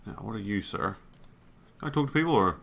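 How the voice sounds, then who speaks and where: A man's voice: lowish voice, animated, quick pace, creaky, a bit bright, a little hiss or hum. A man doing let's play commentary, thinking aloud, reading on-screen text and swearing casually. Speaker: gaming YouTuber.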